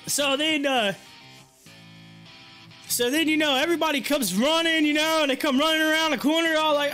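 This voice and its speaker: A man hosting a livestream, telling a story in animated casual chat, laughing often and acting out what people said. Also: very high voice, fast, soft background music. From rural area. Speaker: livestream host.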